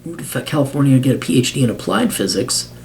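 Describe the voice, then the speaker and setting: A man's voice: medium pitch, animated, quick pace, a little mellow, a little hiss or hum. Sarcastic, profane man reading aloud. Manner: sarcastic, profane running asides. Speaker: podcast host. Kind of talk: reading a biography aloud with commentary.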